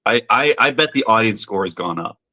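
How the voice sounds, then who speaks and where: A man's voice: fairly low pitch, animated, brisk, sharp tone, low-quality recording. A man co-hosting a podcast, chatting casually and often restarting his sentences with fillers. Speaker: podcast co-host. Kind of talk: casual chat.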